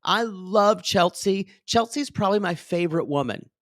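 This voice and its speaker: A man co-hosting a casual recap podcast, gossipy and sarcastic. His pitch swoops all over as he talks. The sound is dry and close. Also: animated, moderate pace, no room sound. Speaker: podcast co-host.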